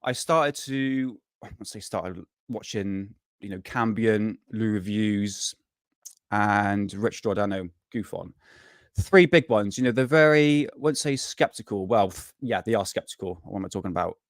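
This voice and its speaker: A man's voice: fairly low pitch, a little slow, no echo, clean studio sound. A man hosting a casual live stream, rambling and swearing freely, worn out and burnt out, chatting to viewers. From United Kingdom.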